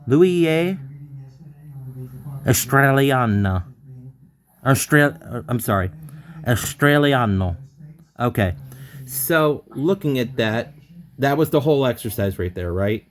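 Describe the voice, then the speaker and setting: A man as a language student on a video call, reading slowly, stumbling and correcting himself. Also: mid-range voice, lively intonation. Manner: hesitant, self-correcting, laughs at his own slips. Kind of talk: casual online lesson talk.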